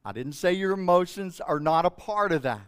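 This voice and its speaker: A man's voice: high voice, lively intonation, normal speed, smooth. A middle-aged male pastor preaching a sermon in an emotional, emphatic way that keeps rising and falling.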